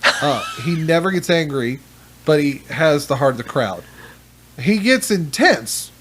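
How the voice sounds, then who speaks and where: A man's voice: a little high, animated, a little slow, a bit bright, husky. A man hosting a casual podcast, recapping matches in a rambling way with lots of fillers. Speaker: podcast host.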